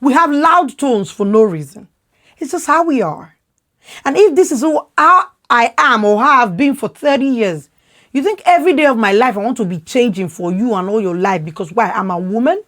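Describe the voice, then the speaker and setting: Emphatic Nigerian woman, lively pitch. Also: normal speed. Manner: emphatic, repeats words when worked up; loud, expressive way of talking. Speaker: podcast host. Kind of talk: impassioned opinion talk.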